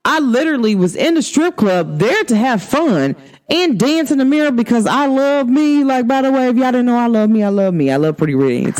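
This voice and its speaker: Sassy, animated woman host. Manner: emphatic, sassy, slangy, swings pitch for emphasis. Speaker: astrology show host. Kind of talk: casual spiritual talk to viewers.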